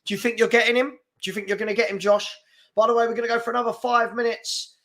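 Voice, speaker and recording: Bloke hosting a live football chat, gravelly, bright punchy voice, brash. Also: male voice, extremely high pitch, flat delivery, fast talker. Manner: chatty, brash and combative with trolls. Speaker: host of a live fan chat show. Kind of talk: casual live-stream chat reading comments.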